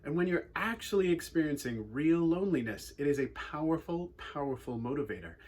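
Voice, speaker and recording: A man with an English accent, telling a personal story in an animated, wry and earnest way as a youth speaker. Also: a little high, fairly quick. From England.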